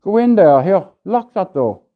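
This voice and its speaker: A man's voice: high voice, sing-song, unhurried. An Irish man hosting a livestream, ranting in a blunt, profane, rambling way. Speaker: livestream host. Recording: dull lo-fi stream audio.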